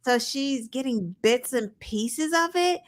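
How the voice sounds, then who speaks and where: A woman co-hosting a podcast, telling stories in a lively, animated way with swearing. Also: high voice, slow pace. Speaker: podcast co-host. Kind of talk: casual chat.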